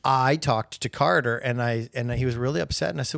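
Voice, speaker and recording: A man's voice: medium pitch, fairly even intonation, fairly quick, gravelly, hardly any pauses, no echo. A man in his thirties co-hosting a casual podcast, telling reflective stories about his kids. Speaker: podcast co-host. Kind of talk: casual chat.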